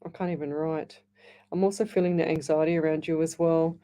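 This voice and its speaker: Australian woman, radio psychic host, low mellow voice, chatty, studio mic. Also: fairly even intonation, a little fast. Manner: chatty, laughs easily, reads messages aloud. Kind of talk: live radio call-in readings.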